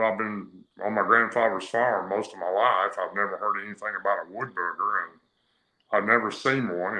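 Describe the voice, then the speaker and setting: With a fairly low pitch and a sharp tone, a man from Tennessee tells a long personal story as a radio interview guest. His storytelling is plain-spoken and rambling with plenty of fillers, captured in an echoey, roomy space.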